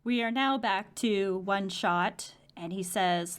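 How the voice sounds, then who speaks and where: A woman's voice: medium pitch, slow pace, smooth. A woman co-hosting a podcast, animatedly recapping a comic in casual chat and laughing often. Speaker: podcast co-host.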